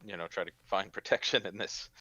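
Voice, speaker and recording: A man's voice: low voice, fairly quick, pushed and bright, no echo. A man guesting on a casual gaming podcast, giving careful, hedged opinions on game changes. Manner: thoughtful, hedging opinions.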